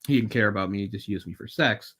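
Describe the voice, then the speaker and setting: A man's voice: lowish voice, fast talker, fairly bright tone, breathy edge. A man co-hosting a podcast, chatting casually and wryly about a film, rambling and swearing now and then. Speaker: podcast co-host.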